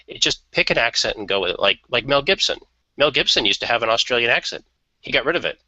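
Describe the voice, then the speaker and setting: A man's voice: medium pitch, animated, fast, pushed and bright, no echo, muffled recording. A man chatting casually and giving opinions on a radio talk show, often laughing.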